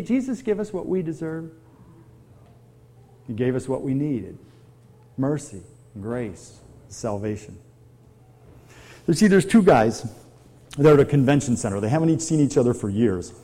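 Man, pastor, middle-aged, conversational sermon, questions the congregation, warm mellow tone. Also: on the high side. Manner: conversational, asks the audience many questions.

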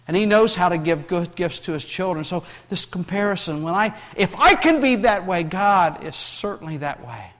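Man, pastor, sermon, high voice, hushed lows and emphatic highs, repeats and restarts phrases. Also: expressive, normal speed, few pauses, long reverb tail. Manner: swings between hushed tender lows and raised emphatic reading.

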